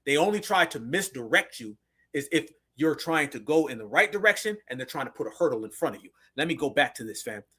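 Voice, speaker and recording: A man's voice: on the high side, expressive, fast talker, sharp tone, husky. A man giving blunt, sarcastic commentary to his viewers, calling them family. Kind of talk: casual commentary.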